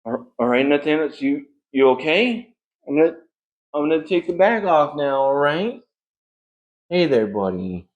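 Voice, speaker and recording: A gaming host with a somewhat high male voice stays in character for a comedic role-play. He talks in a chatty, coaxing tone. He often stumbles and repeats his words as he goes. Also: sing-song, measured pace, phone-quality sound.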